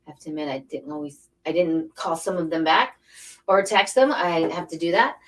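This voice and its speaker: A woman's voice: deep voice, moderate pace. A middle-aged woman, a spiritual coach, talking casually and emphatically, wandering between thoughts and repeating phrases for emphasis. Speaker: spiritual coach and angel card reader. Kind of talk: casual inspirational talk. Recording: voice a bit distant from the mic.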